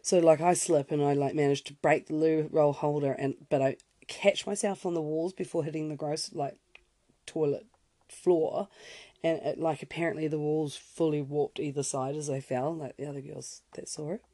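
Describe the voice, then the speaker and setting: A young woman hosts a casual podcast, telling a story in a chatty way full of fillers and asides that interrupt herself. Her deep, warm voice is fairly even at normal speed, recorded in a clean studio with no room sound.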